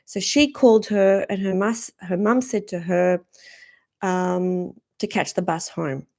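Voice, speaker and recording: A woman, a spiritual speaker, earnestly recounting a personal story in a gentle, reflective way. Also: medium pitch, steady tone, measured pace, vocal fry. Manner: earnest, gentle, acts out quoted dialogue.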